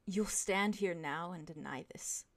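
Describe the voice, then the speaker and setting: A woman's voice: fairly low pitch, measured pace. A woman voicing a cold, bitter young man who snaps accusations at his brother in a tabletop game. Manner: accusing, snapping.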